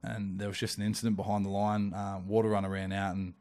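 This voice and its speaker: An Australian man recounts his story in a laid-back, blunt way, with slang and swearing. His voice sits low and moves little in pitch, so it sounds even and level. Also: quick pace. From Australia (Wollongong). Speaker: podcast guest, rugby league player. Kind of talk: casual storytelling.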